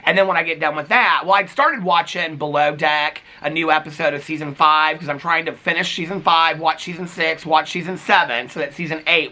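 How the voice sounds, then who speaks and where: Bright-voiced dramatic gossipy man. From Indiana. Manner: animated and dramatic, gossipy, big pitch jumps. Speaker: reality TV commentator. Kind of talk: casual chatty vlog.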